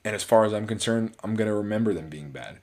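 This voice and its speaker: Male film reviewer, very low voice, casual and rambling. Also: quick pace, a little mellow. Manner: rambling, frequent restarts and fillers. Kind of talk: casual solo movie review.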